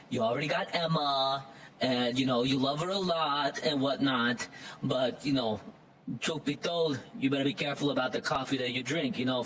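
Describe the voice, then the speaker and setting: A man's voice: medium pitch, a bit bright, distant mic, slight background noise, close to an everyday voice, low-quality recording. A man voicing a pushy, threatening mafia-style angel messenger who talks in gangster patter.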